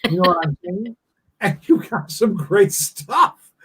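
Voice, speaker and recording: A man's voice: high voice, expressive, a little slow, a bit bright, breathy edge. A man hosting a casual talk show who teases his guest playfully. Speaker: host.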